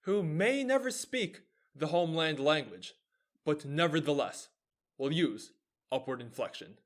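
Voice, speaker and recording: Speaking a little slowly but expressively, a young American host of a video show explains topics in an upbeat, lecturing manner. His voice sits on the high side, and the talk is lively and explanatory.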